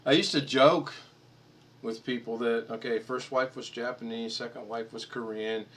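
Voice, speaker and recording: Hosting a laid-back live stream, this man from the United States rambles, cracks jokes, and laughs at his own tales. His medium-pitched voice is fairly bright and steady at normal speed, with slight background noise.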